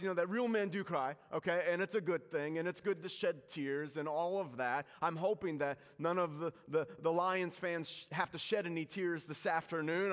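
A male pastor with a voice that sits high preaches in a church sanctuary, a large hall. He tells stories with self-mocking humor, shifting from loud to hushed.

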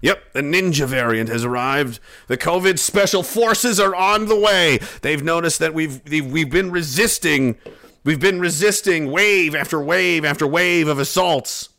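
On his livestream, this man rants with sarcasm and plenty of swearing, cracking mocking jokes and slipping into goofy voices. His voice sits on the high side with a sharp tone, and he speaks a little slowly.

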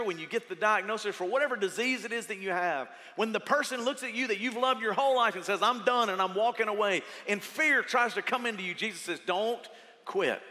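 A middle-aged man preaching a sermon as pastor, telling stories with lively energy and shouting at the peaks. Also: high-pitched, big-room sound. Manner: animated storytelling, shouting at peaks.

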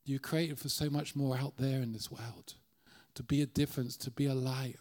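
A man's voice: medium pitch, steady tone, moderate pace, a little mellow. Irish guy preaching in a church, middle aged, earnest, keeps restarting his sentences. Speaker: guest preacher. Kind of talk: sermon.

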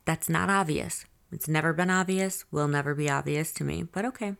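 Low gravelly woman, candid podcast host. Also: fairly even intonation, moderate pace. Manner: candid, profane, speaks straight to listeners. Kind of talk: confessional diary storytelling.

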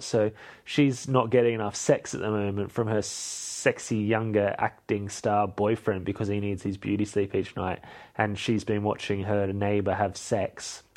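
A man hosting a podcast, recapping a film in a rambling, casual way with swearing and self-corrections. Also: fairly low pitch. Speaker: podcast host.

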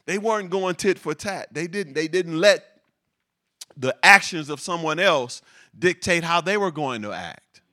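A man preaching a sermon, reading scripture and breaking into animated, laughing asides with repeated words for emphasis. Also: a little high, unhurried.

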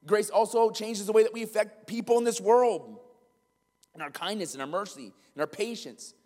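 A man's voice: high-pitched, normal speed, a little mellow, big-room sound. A man preaching a sermon as pastor, emphatic and acting out little scenes for his listeners.

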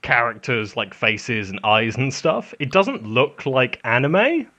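A man co-hosting a casual podcast about anime, his voice bright and clear at an ordinary pitch. He talks in a relaxed, chatty way and laughs easily. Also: slow. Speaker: podcast co-host.

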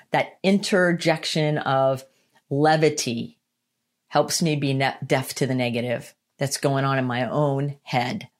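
A woman giving a motivational self-help talk, earnest and emphatic, repeating her key lines and slowing down to stress them. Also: rumbling low. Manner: slows down to stress points. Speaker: motivational speaker.

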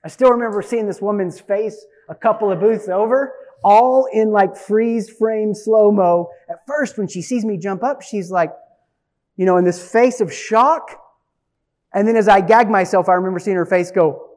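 A man in his forties preaching from the pulpit with a fairly high voice. He tells stories with animated energy and jumps from loud, punchy bursts to quiet, hushed asides. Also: normal speed. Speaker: pastor. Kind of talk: sermon with personal storytelling.

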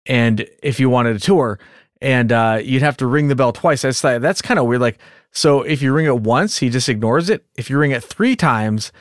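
A man's voice: medium pitch, moderate pace, dry recording, clean studio sound. A man co-hosting a casual podcast chat, telling details in a wry, playful way. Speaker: podcast co-host.

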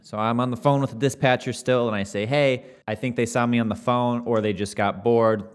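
Young man, casual storytelling, animated, swears a lot, acts out quotes. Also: medium pitch, brisk, clear, resonant tone.

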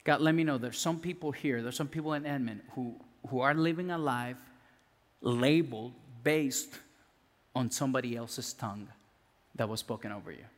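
A male pastor giving a conversational sermon with restarts, dropping soft and low when he prays. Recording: long hall reverb.

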